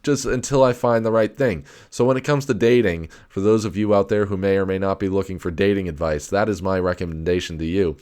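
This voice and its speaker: A man with a very deep voice rambles through a casual solo rant. He swears freely, stacks up fillers and restarts his sentences often. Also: steady tone, a little fast, hardly any pauses, a little mellow, smooth. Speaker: podcast host.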